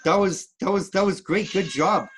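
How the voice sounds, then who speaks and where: High-voiced easygoing male host. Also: normal speed, fairly bright tone, a little hiss or hum. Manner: easygoing, encouraging. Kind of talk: hosting an online open mic. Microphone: video call.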